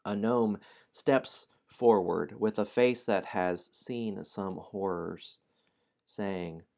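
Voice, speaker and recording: A man hosting a game stream draws out his words in a fairly low, gravelly, slightly mellow voice with fairly even intonation. He reads a story aloud and banters playfully and apologetically with viewers, laughing a lot.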